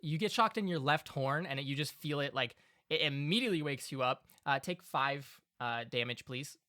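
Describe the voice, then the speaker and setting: A man's voice: on the high side, moderate pace, sharp tone, no room sound, studio quality. A man narrating a tabletop game as game master, rambling with lots of "like" and everyday comparisons.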